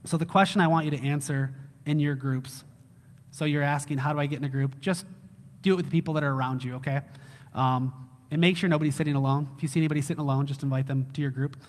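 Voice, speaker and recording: A male lead pastor preaching a casual, animated sermon who acts out excited quotes. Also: on the high side, fast, big-room sound. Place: church hall.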